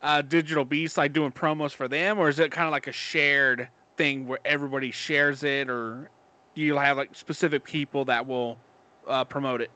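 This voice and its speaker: A man co-hosting a podcast who asks the guest questions in a halting, casual way, answering with plenty of "okay.". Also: mid-range voice, steady tone, bright, forceful tone. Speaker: podcast co-host.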